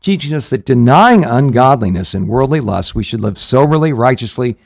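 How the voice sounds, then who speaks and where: A male pastor hosts a conversational Bible-teaching show. He talks earnestly, restarting phrases and filling pauses as he goes. His voice sits at an average pitch and is recorded dry and close. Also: lively intonation, no echo. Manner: earnest, rambling with frequent restarts and fillers.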